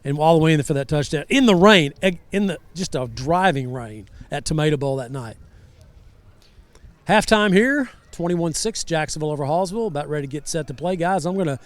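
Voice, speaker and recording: A man commentating a high school football game live from a rainy outdoor stadium, chatty and storytelling. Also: expressive, brisk, no room sound. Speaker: sideline reporter and color commentator.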